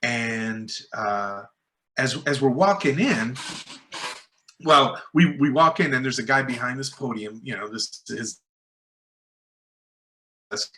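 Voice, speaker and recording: A man's voice: mid-range voice, animated, slow, long pauses, bright, forceful tone. A man, a filmmaker guest, tells rambling anecdotes full of fillers and restarts, acting out other people's lines in a raised voice. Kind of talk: casual storytelling in a podcast interview.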